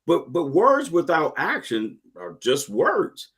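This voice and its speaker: A middle-aged man, a retired Marine, talking in a casual interview with earnest, animated storytelling and frequent restarts. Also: a little high, takes it slowly, husky. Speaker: guest, retired Marine and podcast host.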